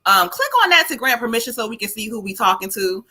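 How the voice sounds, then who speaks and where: A middle-aged woman hosting a live stream as a psychic medium, casual and loud, with lots of exclamations and laughter. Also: fairly high pitch, sing-song, fast.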